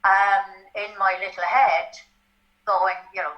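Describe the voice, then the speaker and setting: An older Irish woman telling a personal story in an interview, animated and often checking in with "right?". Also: medium pitch, slow. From Ireland. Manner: animated, tag questions like "right?". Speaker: guest. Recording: dull lo-fi sound.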